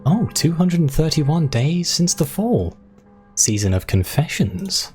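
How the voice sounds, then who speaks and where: Lively man playing through a game. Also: fairly high pitch, unhurried, soft background music. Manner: lively, off-the-cuff, reads game text aloud. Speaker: gaming video host. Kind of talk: casual game playthrough commentary.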